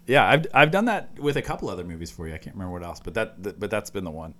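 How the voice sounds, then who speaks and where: A man's voice: sits low, expressive, rapid-fire, fairly bright tone. A man co-hosting a podcast in casual chat, teasing his partner and explaining things with lots of likes and restarts. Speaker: podcast co-host.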